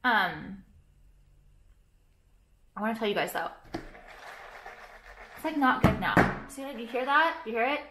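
A woman's voice: on the high side, expressive, normal speed, pauses often, roomy sound, background noise. A young woman vlogging to camera, rambling and swearing a lot as she vents her irritation. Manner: rambling, profane, irritated, lots of "like". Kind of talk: casual ranting vlog.

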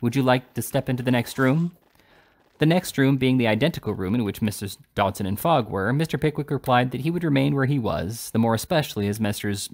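Low-voiced man reading a classic novel. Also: a little mellow. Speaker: audiobook reader.

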